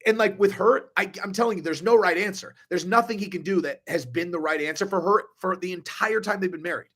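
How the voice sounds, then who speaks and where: A man's voice: high voice, fairly quick, a bit bright, slightly rough. A man ranting on a live stream, profane and rambling, restarting his sentences often. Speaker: online commentator.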